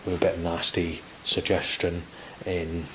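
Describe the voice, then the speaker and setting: A man's voice: sits low, flat delivery, unhurried, a bit bright, slight background noise, poor audio. A man in his forties, recording a rambling monologue to camera outdoors and circling back over his words. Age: 40s. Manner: rambling, repetitive, with frequent restarts. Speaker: vlogger.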